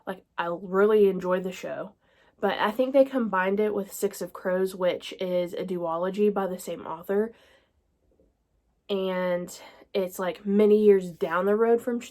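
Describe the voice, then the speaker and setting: A woman's voice: mid-range voice, darkish tone. Chatty young woman, casual gushing book-review vlogger voice. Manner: chatty, gushing, many fillers like "like" and "y'all".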